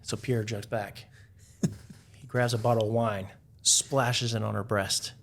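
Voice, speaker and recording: A Navy veteran guesting on a podcast tells stories in a relaxed interview, full of filler words and the odd chuckle. His lowish voice has vocal fry, little pitch movement and a measured pace, with slight background noise.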